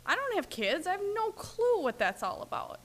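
A woman's voice: very high voice, wildly swooping pitch, normal speed, a bit bright. A woman speaking at a recovery meeting, sharing her experience in an earnest, rambling way with many fillers. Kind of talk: personal sharing talk.

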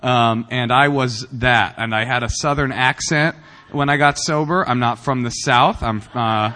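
A man's voice: mid-range voice, unhurried, sharp tone, long reverb tail. A man from Northern California giving a humorous personal talk at a recovery meeting, rambling and self-mocking with many fillers and restarts. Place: meeting room.

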